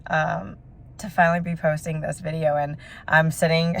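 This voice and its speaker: A young woman with a notably low voice talks straight to her viewers in a casual vlog. She is teary and gushing, often breaking into laughter through her tears. She is sitting outside in front of a house under construction. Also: flat delivery, moderate pace, creaky, fairly bright tone, slight background noise. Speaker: vlogger. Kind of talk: emotional casual vlog update.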